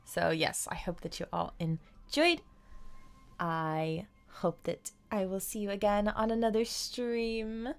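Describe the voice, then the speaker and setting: A bubbly woman streamer chatting casually over her game, gushing and giggly. She talks in an unhurried, slow way at a middling pitch. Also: vocal fry, soft background music. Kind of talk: casual live-stream chat.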